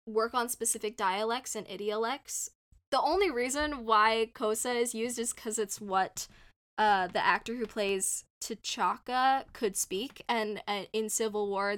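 Smooth-voiced young woman, rambling chat. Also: on the high side, a bit bright. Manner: rambling, heavy use of "like", frequent restarts. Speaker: podcast co-host. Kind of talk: casual discussion.

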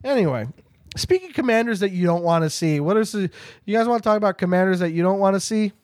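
High-voiced, animated male podcast host. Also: fast, dry recording, clean studio sound. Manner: animated, rambling, jokey. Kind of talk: casual chat.

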